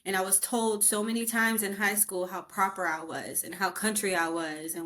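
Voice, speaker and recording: A woman from rural North Carolina talks through her own past on a casual podcast. Her voice is bright and clear. She speaks in a reflective, personal way. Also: mid-range voice, fairly quick, few pauses. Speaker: podcast co-host.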